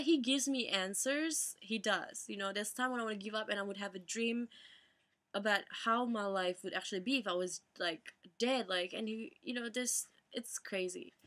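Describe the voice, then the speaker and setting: A young woman talks straight to her viewers, her voice bright and edged with vocal fry. She speaks haltingly, near tears, restarting her sentences and filling gaps with "like" and "you know.". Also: medium pitch. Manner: tearful, halting, many fillers and restarts. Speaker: vlogger. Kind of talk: emotional personal vlog.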